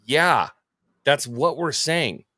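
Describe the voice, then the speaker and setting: A man's voice: fairly high pitch, animated, slow, pushed and bright, no echo, clean studio sound. An American man in casual chat as co-host, sarcastic and profane, mocking what others say. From United States.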